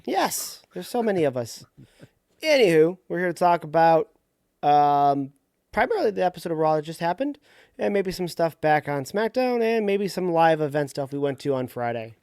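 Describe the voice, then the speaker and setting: Male podcast co-host, slightly high and smooth, relaxed rambling delivery, dry close mic. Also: normal speed, no room sound. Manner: rambling, loose, laughs easily. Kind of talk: casual wrestling chat.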